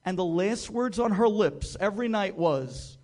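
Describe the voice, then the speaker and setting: A gentle elderly mother living in a nursing home, as a man storyteller puts her on. She talks calmly and kindly in a fairly high voice. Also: measured pace. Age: older.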